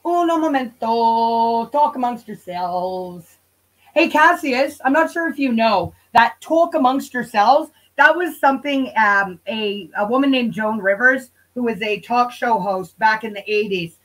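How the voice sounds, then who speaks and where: A woman's voice: fairly high pitch, expressive, a little slow, a bit bright, poor audio. A woman hosting a casual commentary stream, sarcastic and swearing often, rambling and talking straight to her viewers. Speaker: channel host.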